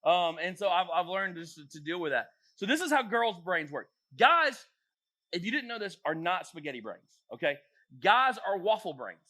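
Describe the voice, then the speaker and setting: A man, a youth pastor, giving a joking, animated talk to teenage girls in a church youth room. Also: high voice, moderate pace. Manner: jokey, animated, acts out voices. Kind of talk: casual talk to teens.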